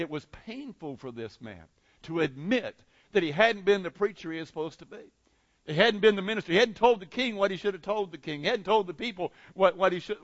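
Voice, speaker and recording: A pastor preaching a sermon to his congregation, swinging between loud declarations and soft, intimate passages. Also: high voice, no echo, muffled recording. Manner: impassioned preaching with dramatic swings in volume.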